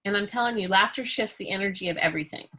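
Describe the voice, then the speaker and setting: Woman teacher, bright and a touch raspy, chatty and joking with her class. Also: medium pitch, racing. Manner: candid and joking, with playful self-talk. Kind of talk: casual, chatty class talk.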